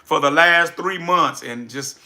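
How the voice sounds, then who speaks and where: A man from South Louisiana with a Southern accent, hosting a casual livestream and answering chat with energetic, repetitive, preacher-like emphasis. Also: on the high side, unhurried. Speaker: livestream host, business coach.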